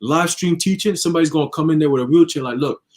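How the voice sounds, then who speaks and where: Man, casual religious talk, rapid delivery, dramatizes imagined scenes. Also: on the high side. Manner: animated storytelling, acting out imagined people. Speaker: religious discussion participant.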